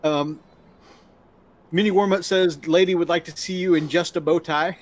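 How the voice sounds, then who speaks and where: A man's voice: fairly high pitch, steady tone, normal speed. Upbeat, talkative male stream host. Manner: chatty, upbeat, reads chat comments aloud. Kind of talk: casual live-stream chat.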